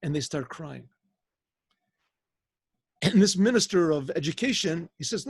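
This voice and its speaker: A rabbi telling a story in a loose, conversational way, halting and repeating words over a video call. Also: male voice, on the high side, lively intonation, breathy edge. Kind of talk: informal oral storytelling.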